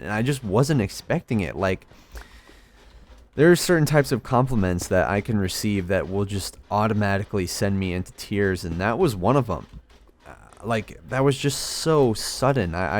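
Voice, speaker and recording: A young man rambling through a story while playing a game, hesitant and self-deprecating. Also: on the low side. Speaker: gaming video creator. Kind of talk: casual storytelling over gameplay.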